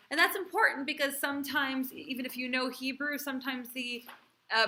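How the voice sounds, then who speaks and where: A woman's voice: a little high, bright, forceful tone, slight background noise. A female cantor teaching a class, quizzing and encouraging her students in a chatty way.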